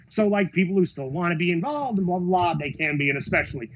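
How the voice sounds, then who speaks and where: Animated, husky-voiced man telling stories. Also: high-pitched, quick pace, few pauses, lo-fi sound. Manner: expressive, acts out quotes, swears freely. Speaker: film director and writer, interview guest. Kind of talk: animated storytelling in a podcast interview.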